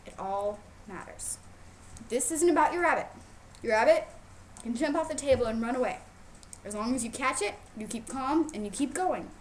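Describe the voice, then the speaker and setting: A woman's voice: a little high, a little hiss or hum. A woman instructor teaching youth how to show rabbits, playful and emphatic, repeating her key points. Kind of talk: casual instructional video.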